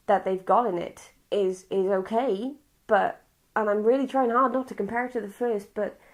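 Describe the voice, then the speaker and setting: A woman's voice: on the high side, darkish tone. A woman from Wales with a Welsh accent, casually reviewing a film in a chatty, rambling, blunt way. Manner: rambling, chatty and blunt, with frequent restarts and swearing.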